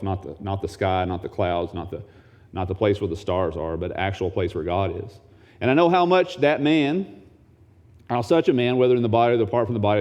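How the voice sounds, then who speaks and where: A man preaching a sermon as pastor, reading scripture aloud and shifting from low, quiet asides to high, excited bursts. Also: dull audio.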